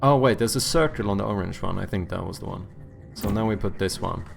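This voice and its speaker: A young man streaming video games live, swearing constantly and bursting into loud exclamations. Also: sits low, brisk, creaky, faint music behind. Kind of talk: live-stream gaming commentary.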